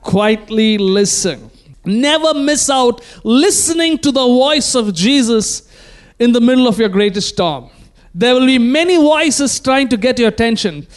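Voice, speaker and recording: High-voiced preacher, emphatic. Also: male voice, normal speed. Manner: emphatic, calls the congregation to repeat phrases. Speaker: pastor. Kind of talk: sermon.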